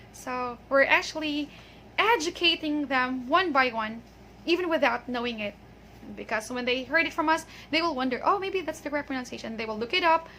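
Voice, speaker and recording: A woman's voice: sits high, vocal fry, bright, forceful tone, slight background noise. A woman teaching pronunciation in an online lesson, patient and encouraging, often checking in with "okay". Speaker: English teacher.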